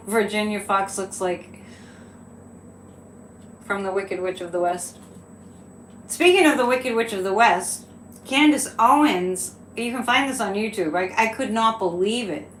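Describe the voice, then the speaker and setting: A woman's voice: mid-range voice, unhurried, pauses often, slight background noise. Chatty woman live-streaming in an echoey room. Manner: chatty, laughs often, incredulous asides. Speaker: psychic livestream host. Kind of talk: casual live-stream commentary. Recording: echoey room with faint ambience.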